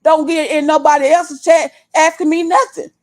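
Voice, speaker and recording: A woman's voice: sits high, steady tone, normal speed, darkish tone. A woman over thirty-five, host of a livestream, scolding her viewers bluntly and with a lot of cursing. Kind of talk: heated livestream rant. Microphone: desktop stream mic.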